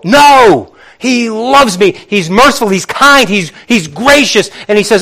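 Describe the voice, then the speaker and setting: Middle-aged male pastor, high voice, lively conversational preaching with acted-out asides. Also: a little slow, creaky, few pauses. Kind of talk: sermon.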